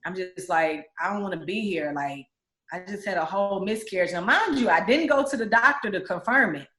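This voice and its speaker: A woman's voice: medium pitch, fairly quick. Candid storytelling woman in echoey room. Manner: candid, animated, acts out other people's voices. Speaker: guest telling her story. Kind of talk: personal storytelling interview. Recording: roomy echo.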